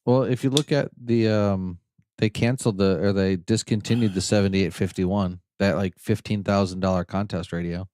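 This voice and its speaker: A man's voice: low voice, fairly even intonation, moderate pace, darkish tone, no room sound. A man joining a ham radio stream, chatting casually with blunt, joking remarks. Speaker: stream co-host or guest. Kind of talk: casual chat.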